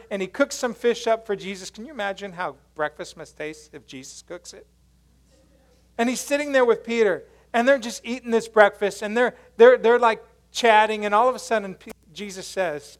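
A male pastor preaching a sermon, retelling a story in animated, casual language and questioning his congregation. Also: sits high. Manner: casual slangy phrasing.

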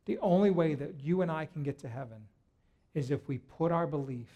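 A man preaching a sermon, retelling a story in a lively way and often stopping to restart his words. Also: on the high side, fairly quick, dull audio. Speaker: pastor.

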